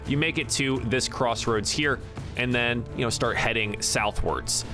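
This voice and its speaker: Guy running a tabletop game, chatty and loose, lots of ums, quiet music under. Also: medium pitch, measured pace. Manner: relaxed, chatty, with frequent fillers. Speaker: game master.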